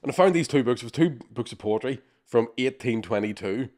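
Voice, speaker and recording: A man co-hosting a podcast, telling animated, sweary anecdotes with acted-out quotes. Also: mid-range voice, brisk. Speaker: podcast co-host. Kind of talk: casual storytelling chat.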